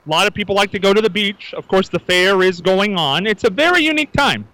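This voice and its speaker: Lively, bright-voiced male radio co-host. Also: sits high, fast talker, poor audio. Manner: chatty, lists details eagerly. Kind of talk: casual on-air chat. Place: outdoors at a county fair.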